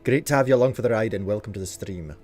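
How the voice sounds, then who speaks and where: A man streaming a game live, chatting and joking as he reacts out loud to what happens in it. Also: lowish voice, rapid-fire, faint music behind. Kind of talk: live gameplay commentary.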